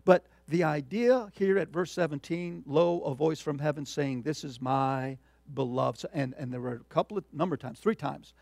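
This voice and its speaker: A male pastor preaching a verse-by-verse sermon, emphatic and full of restarts, swinging from loud stressed words to quiet asides. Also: a little high, normal speed, gravelly, hardly any pauses, no echo. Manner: emphatic, with frequent fillers and restarts. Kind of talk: expository sermon.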